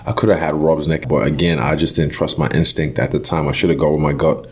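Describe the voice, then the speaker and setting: Very deep-voiced man chatting casually. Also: quick pace. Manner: relaxed, thinks aloud, self-correcting. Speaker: UFC fighter, interview guest. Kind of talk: casual interview chat. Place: quiet room on location.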